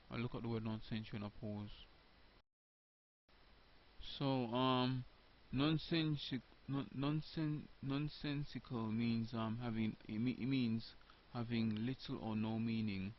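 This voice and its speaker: A man's voice: medium pitch, steady tone, measured pace. A man talking off the cuff about faith, stumbling and restarting, repeating words and filling gaps with ums. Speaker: video blogger. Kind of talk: unscripted religious monologue to camera. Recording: dull lo-fi home recording with faint hiss.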